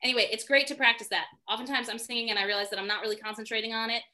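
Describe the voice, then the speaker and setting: A woman leads an online singing lesson over a video call, her voice a touch high and very bright and forward. She talks in a chatty, self-deprecating way and thinks aloud as she explains. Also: steady tone, racing. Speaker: singing teacher. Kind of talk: live online music lesson.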